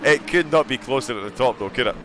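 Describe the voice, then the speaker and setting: A man commentating on an online sim racing qualifying session, excitable and joking. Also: mid-range voice, music in the background. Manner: excitable, fast-talking, joking.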